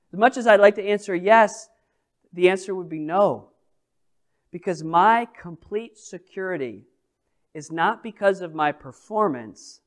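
A man's voice: sits high, measured pace. A man preaching a sermon as pastor, emphatic, with repeated phrases and rhetorical questions.

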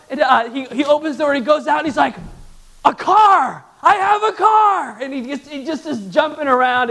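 A man preaching a sermon to his church, swinging from loud, excited bursts to hushed, earnest appeals. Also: extremely high pitch. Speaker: pastor.

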